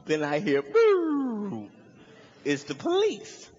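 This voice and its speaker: A man's voice: normal speed, husky, in a large hall, dull audio. A young man performing stand-up, telling a story and acting out the voices of the people in it. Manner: animated, acts out voices in high shouts. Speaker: comedian. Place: large hall with live audience.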